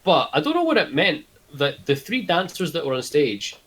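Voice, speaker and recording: A man co-hosting a podcast, chatting in an excitable way. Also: fairly high pitch, moderate pace. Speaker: podcast co-host. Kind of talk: casual chat.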